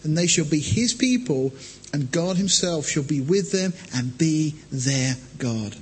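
A man preaching a measured sermon, reading scripture aloud and explaining it. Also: fairly high pitch, expressive, slightly rough. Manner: measured expository preaching, reads scripture aloud then comments. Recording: long hall reverb.

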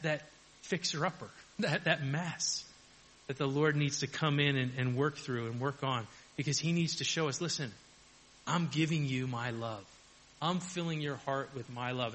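Guy preaching a sermon, chatty, bright voice, chuckles a lot. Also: medium pitch, slight background noise, low-quality recording. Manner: conversational preaching, acts out quoted voices, chuckles often. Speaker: pastor.

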